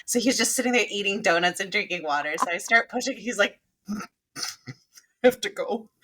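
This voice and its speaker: A woman's voice: medium pitch, lively intonation, fast, pushed and bright, a little hiss or hum. A woman in her thirties co-hosting a casual podcast, blunt and frank, laughing through her stories. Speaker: podcast co-host. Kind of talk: casual chat.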